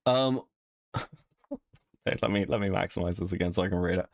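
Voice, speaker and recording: A man's voice: low-pitched, normal speed, gravelly, no echo. A man hosting a livestream, reacting crudely and laughing a lot, on a close mic. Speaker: stream host.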